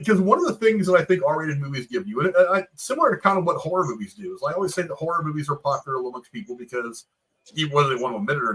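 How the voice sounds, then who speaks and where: Husky, higher-voiced man reflecting on films. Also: pushed and bright, rough recording. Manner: reflective, explains at length. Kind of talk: casual movie review chat.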